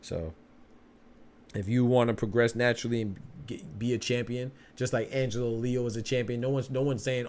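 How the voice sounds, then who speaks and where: A man's voice: mid-range voice, normal speed, darkish tone. A young man hosting a solo boxing podcast, talking casually in streetwise slang and often repeating himself.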